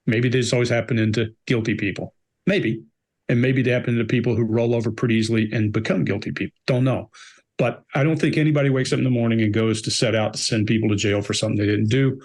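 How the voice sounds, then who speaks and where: A man's voice: medium pitch, steady tone, quick pace, a little mellow, breathy edge. A middle-aged man on a body language panel, talking bluntly and emphatically, driving his points home by repeating them. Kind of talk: casual panel discussion.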